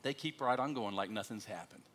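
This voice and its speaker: A man's voice: lowish voice, fairly quick. A man, a missionary pastor telling folksy, humorous stories in a sermon at church. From United States. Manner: animated, folksy storytelling with self-deprecating humor.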